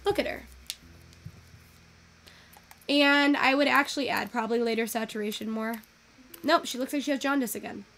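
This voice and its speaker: A young woman giving casual, excitable commentary while taking in-game photos, swearing freely and gushing over what she sees. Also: a little high, brisk, gravelly. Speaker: virtual photography creator.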